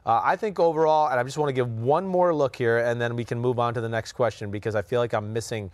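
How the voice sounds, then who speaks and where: A man's voice: medium pitch, a little mellow, dry recording, studio quality. Man thinking aloud on a sports podcast. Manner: thinks aloud, drawn-out "ooh" sounds, many fillers. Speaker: podcast host and football analyst. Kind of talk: casual podcast sports chat.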